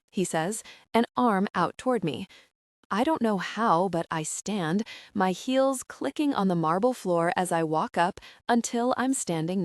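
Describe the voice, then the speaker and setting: A woman narrating an audiobook in the first person, with expressive, intimate storytelling. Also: medium pitch, no room sound, studio quality.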